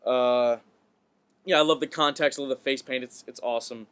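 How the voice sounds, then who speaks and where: A man's voice: mid-range voice, steady tone, normal speed, fairly bright tone, smooth. A man co-hosting a podcast, chatting casually about wrestling, often stumbling and repeating words as he goes. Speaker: podcast co-host.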